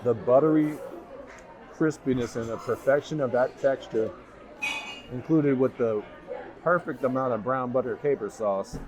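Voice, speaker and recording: A man with a mid-range voice vlogs a food review in a restaurant, talking to camera at a moderate pace and pausing often. He raves enthusiastically about each bite while a busy crowd chatters behind him.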